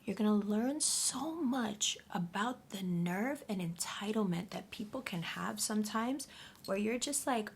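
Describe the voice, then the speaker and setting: A woman giving a casual astrology reading to camera, blunt and profane, often talking in a soft half-whisper. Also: mid-range voice, lively intonation, a little slow, a little hiss or hum. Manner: blunt and profane, addressing the viewer directly. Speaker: astrology reader.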